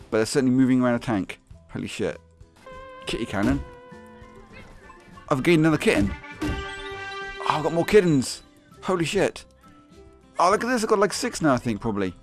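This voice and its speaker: A young man giving excitable, swearing commentary on a game, laughing often and yelping in high squeaks. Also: moderate pace, long pauses, faint music behind. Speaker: gaming video host.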